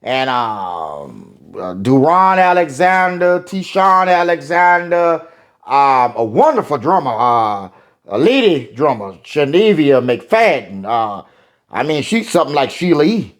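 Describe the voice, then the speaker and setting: An older man, chatting in an interview about his music. His speech rambles with fillers and repeats, in a voice set a bit high for a man. The pitch swings widely up and down as he talks. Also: very animated, a little slow. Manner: rambling, folksy, many fillers. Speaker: singer.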